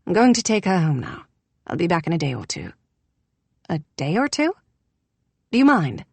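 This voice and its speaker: A woman voicing a grim, hushed tall man. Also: lowish voice, big pitch swings, normal speed, gravelly, breathy edge, no echo, exaggerated voice. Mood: subdued. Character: grim tall lean man, quiet and tense.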